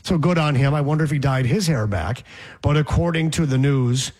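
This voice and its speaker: Husky guy hosting sports radio, kinda high voice, goofing around with bits and impressions. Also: fairly quick, a little mellow. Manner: playful, mimics voices and drawls words for effect. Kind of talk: casual sports talk.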